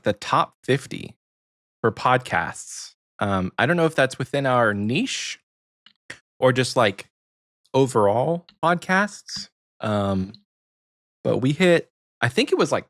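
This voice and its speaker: Chatty American man hosting a podcast. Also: medium pitch. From United States. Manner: rambling, chatty, frequent ums. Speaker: podcast co-host. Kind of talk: casual podcast chat.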